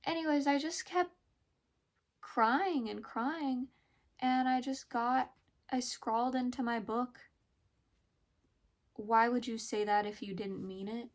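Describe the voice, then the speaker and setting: A young woman talking hesitantly in a personal confessional vlog, pausing often and searching for words. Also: a little high, steady tone. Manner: hesitant, halting, many pauses and fillers; emotional, soft-spoken. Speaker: vlogger.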